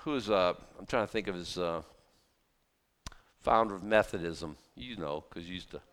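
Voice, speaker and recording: A man preaching a sermon as pastor, talking in an animated, conversational way with mocking asides. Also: low-pitched, normal speed, in a large hall.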